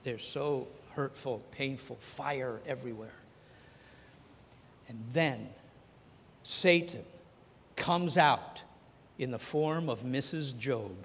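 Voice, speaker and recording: A man's voice: mid-range voice, slow pace, long pauses, breathy edge. A man preaching a sermon as pastor, talking conversationally and acting out the scripture dialogue. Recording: long hall reverb.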